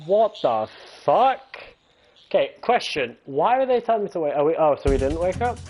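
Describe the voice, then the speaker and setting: A woman's voice: low voice, animated, fast talker. A woman streaming a video game, commenting bluntly and swearing freely. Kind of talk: casual gameplay commentary.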